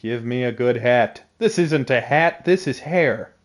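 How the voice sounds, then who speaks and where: A man's voice: medium pitch, measured pace. A man live-streaming a video game from home at a desk mic, talking casually, joking and laughing often. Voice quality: laughs often, jokey and animated.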